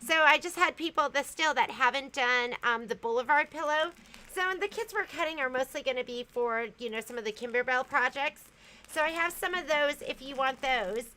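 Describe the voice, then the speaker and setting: A woman hosts a casual livestream, chatting loosely and reading viewer comments aloud, often trailing off before starting over. Her voice is high and sharp at a normal speed, and the audio quality is poor.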